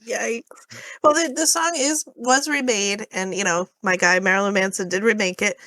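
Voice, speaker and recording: A woman's voice: medium pitch, normal speed, pushed and bright, no echo. A woman co-hosting a podcast in casual chat, giggly and a little hesitant. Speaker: podcast co-host.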